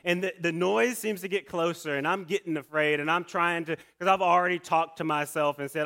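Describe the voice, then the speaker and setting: A man telling a personal story in a sermon, animated, with many restarts and asides. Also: fairly high pitch, brisk, gravelly, few pauses.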